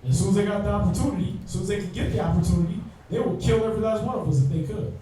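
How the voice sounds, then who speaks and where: High-voiced man teaching in echoey room. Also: racing, dark tone, recorded from a distance, a little hiss or hum. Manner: slangy, joking, talks straight to the class. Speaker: Bible class teacher. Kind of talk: informal Bible class teaching.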